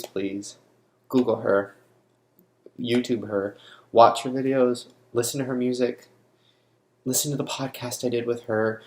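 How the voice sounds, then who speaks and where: A young man in an emotional personal vlog, speaking through grief in halting, broken sentences. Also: mid-range voice, fairly even intonation, echoey room. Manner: grieving, halting, restarts often. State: shaken by grief. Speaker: vlogger.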